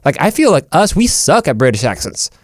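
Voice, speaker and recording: A man's voice: fairly high pitch, very animated, brisk, no room sound, studio quality. An American man hosting a casual, jokey motivational talk in a playful voice. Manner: playful, jokey, uses silly voices and whispers. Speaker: host.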